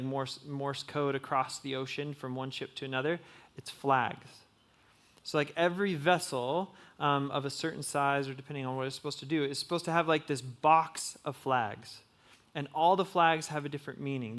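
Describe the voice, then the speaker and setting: A young man delivers a relaxed, chatty sermon to a young adult group. His voice sits a little higher than most men's. He talks loosely, peppering his points with "like" and "um" and restarting sentences as he goes. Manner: conversational, many fillers like "like" and "um". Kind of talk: casual sermon.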